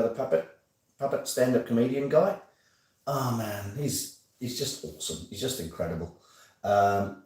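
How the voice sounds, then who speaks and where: A man's voice: mid-range voice, mellow. A man hosting a casual, jokey live stream from home, rambling and teasing his viewers. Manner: chatty, jokey, self-mocking. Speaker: host of a weekly live stream. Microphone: phone on a stand. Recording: roomy sound, phone some distance away.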